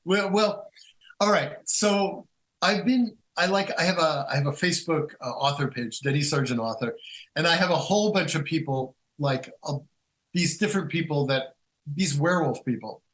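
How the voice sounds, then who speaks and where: A man's voice: on the high side, moderate pace, rough recording. A man who is a guest author, talking casually and rambling through stories with many restarts and acted-out quotes. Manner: animated, acts out quotes in storytelling. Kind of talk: casual conversational storytelling.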